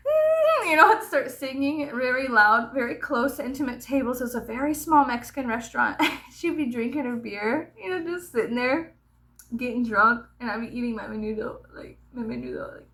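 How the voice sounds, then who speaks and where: A woman's voice: a little high, animated, moderate pace, sharp tone. A young woman vlogger telling rambling childhood stories to the camera, swearing freely and laughing as she talks. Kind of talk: casual storytelling to camera.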